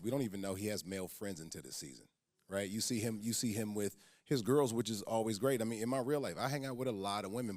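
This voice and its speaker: A man's voice: on the low side, darkish tone. A man, an actor and comic, talking casually on a stage panel, telling stories and often restarting his words. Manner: storytelling, laughing, repeats words when starting. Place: auditorium stage.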